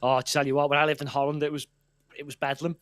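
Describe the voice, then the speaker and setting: Guy chatting, kinda high voice, keeps restarting his stories. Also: level tone, quick pace, a bit bright, no room sound. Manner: rambling, self-interrupting storyteller. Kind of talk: casual chat.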